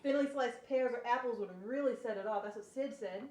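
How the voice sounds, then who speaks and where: A woman reads out viewer comments and reacts to the food with giggles and enthusiasm. Her voice sits a little high. She sounds relaxed and casual at home. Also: brisk, poor audio. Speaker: host's wife, taste tester. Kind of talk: casual chat, reading comments.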